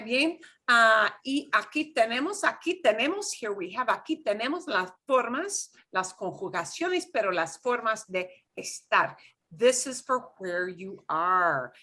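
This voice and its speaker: A woman teaching an online class, animated and quick to laugh. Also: medium pitch. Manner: animated, punches stressed syllables, laughs easily. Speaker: Spanish teacher.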